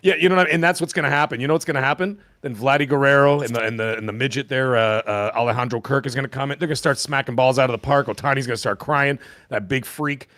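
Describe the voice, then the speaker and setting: A man in his fifties, hoarse from a lost voice, telling a rambling, animated story as a podcast co-host. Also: medium pitch, rapid-fire, hardly any pauses, no room sound. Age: 50s. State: hoarse, recovering voice. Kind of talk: casual chat.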